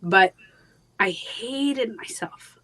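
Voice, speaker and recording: A woman with a medium-pitched, animated voice shares a personal story as a live interview guest, stumbling through fillers and restarts and quieting down at painful moments. The recording is rough.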